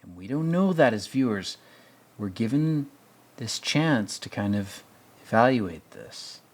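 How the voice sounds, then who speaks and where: A man's voice: mid-range voice, animated, measured pace. A man hosting a film commentary, talking reflectively and often sinking to a near whisper. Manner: reflective, retells scenes with acted-out quotes, often drops to a near whisper. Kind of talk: casual film commentary monologue.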